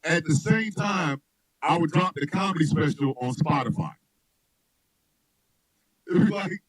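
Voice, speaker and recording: A man hosting a radio show, chatting loosely and telling comic stories, laughing often and shouting his punchlines. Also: a little high, a little slow, long pauses, husky, poor audio. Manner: loud, laughing, animated storyteller who shouts punchlines. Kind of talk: loose comedic chat with storytelling.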